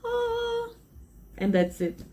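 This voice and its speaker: A woman's voice: very high voice, wildly swooping pitch, very slow, warm tone. A Brazilian woman with a Brazilian Portuguese accent, a native Portuguese speaker, talking earnestly and emotionally in rambling English in a casual vlog to camera. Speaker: vlogger.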